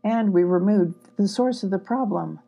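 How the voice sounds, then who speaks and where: A woman voicing a calm, matter-of-fact male forest animal in a storybook reading. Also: medium pitch, normal speed, gravelly, highs cut off.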